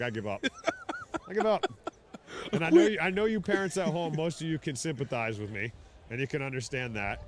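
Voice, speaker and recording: A man in his thirties giving casual, excitable live rugby commentary outdoors. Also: medium pitch. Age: 30s. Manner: chatty, excitable, bursts into shouts on big plays.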